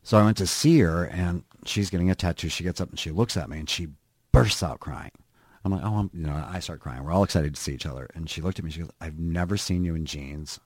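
A man's voice: deep voice, fast talker, a little mellow, husky, no room sound, studio quality. A middle-aged man telling candid personal stories as a podcast guest in casual chat. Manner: candid storytelling.

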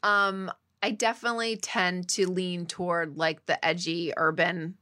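A woman in her forties, a yoga studio founder, chatting casually as a podcast guest, animated and laughing often. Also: fairly low pitch, measured pace. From United States. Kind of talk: casual conversational interview.

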